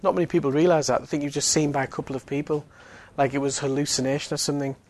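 A man's voice: fairly high pitch, fairly even intonation, very fast, darkish tone. A man giving an evangelistic talk in a chatty style, full of fillers and joking asides. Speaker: Alpha course speaker.

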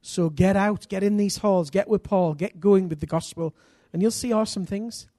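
Lively self-mocking male preacher. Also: sits high, normal speed, no room sound, clean studio sound. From England. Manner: energetic, anecdotal, self-deprecating humour; bursts of loud emphasis. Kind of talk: sermon with personal stories.

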